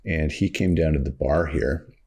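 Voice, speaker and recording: A man with a very deep voice chats casually as a podcast host. His tone is gravelly and a little husky. He tells long, rambling stories, full of ums and asides. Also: normal speed, mellow. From Canada. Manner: rambling storyteller with many fillers. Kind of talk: casual chat.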